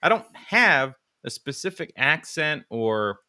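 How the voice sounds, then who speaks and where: A man from West Virginia co-hosting a podcast, telling stories in animated casual chat, full of fillers and laughs. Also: fairly high pitch, slow pace, clear, resonant tone. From West Virginia, USA. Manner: animated storytelling, laughs often, lots of "like" fillers. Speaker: podcast co-host.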